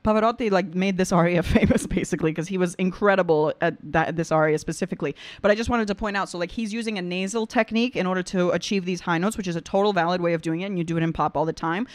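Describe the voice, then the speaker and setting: A young adult woman, an opera singer, giving casual reaction commentary, excitable and gushing at times, and explaining singing technique in a chatty teaching way. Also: on the low side, dry recording. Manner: excitable, gushing, with quick bursts of praise.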